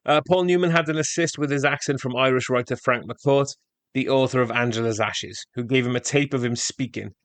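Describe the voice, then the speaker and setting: A man with a middle-pitched voice co-hosting a podcast and reading trivia aloud. His delivery is steady and matter-of-fact, and the recording is dry and close. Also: a little fast, dry recording. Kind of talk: casual chat with read-out facts.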